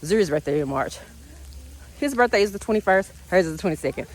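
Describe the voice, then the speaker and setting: Lively chatty woman. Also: on the low side, fast. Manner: chatty and animated, uses y'all, narrates her dogs' reactions. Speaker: vlogger and dog owner. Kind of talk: casual chat to camera.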